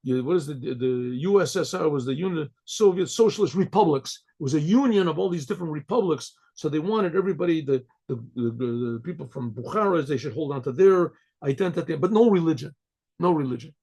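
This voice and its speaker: A rabbi relates a story in a loose, conversational style. He clears his throat often and restarts his sentences. The voice is gravelly and husky, and a little high for a man. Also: animated, fairly quick, warm tone.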